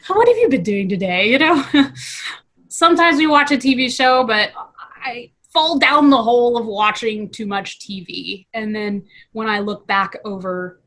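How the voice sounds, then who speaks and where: A woman's voice: fairly high pitch, fairly even intonation, a little slow, sharp tone. A woman in her thirties, a guest in a casual interview, talking in a chatty way, often laughing and saying "you know". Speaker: guest, VFX artist.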